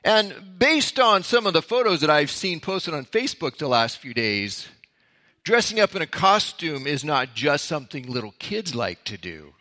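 A man's voice: a little high, big pitch swings, normal speed, sharp tone. A man, a pastor, giving a conversational Bible teaching that opens with a story from his own life. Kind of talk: sermon-style Bible teaching.

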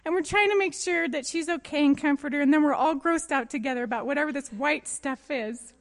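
High-voiced giggly woman telling a story. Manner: laughs often while telling a funny story; lively and expressive, quick to giggle. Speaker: pastor's wife giving a talk. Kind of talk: storytelling sermon.

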